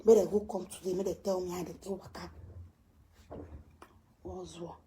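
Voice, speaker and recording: A woman vlogger with a Nigerian Pidgin accent, ranting on camera and swinging from low muttering to loud, high scolding. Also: steady tone, moderate pace, slight background noise. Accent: Nigerian Pidgin English. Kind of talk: casual ranting vlog.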